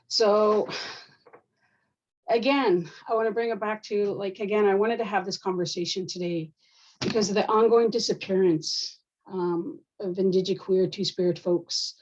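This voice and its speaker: A woman's voice: mid-range voice, a little mellow, husky. Woman moderating an online panel, firm and direct, kinda muffled lo-fi audio.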